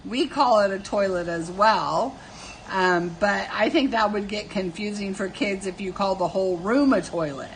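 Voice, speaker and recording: A woman's voice: mid-range voice, moderate pace, a little hiss or hum. A middle-aged woman hosting a casual live stream, telling family stories with frequent laughter and answering viewers' comments.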